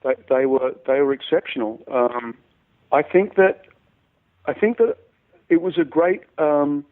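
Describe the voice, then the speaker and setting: Australian musician telling stories over a tinny line. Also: male voice, fairly high pitch, measured pace. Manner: animated storyteller who repeats words as he goes. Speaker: musician guest. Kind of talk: casual anecdote telling.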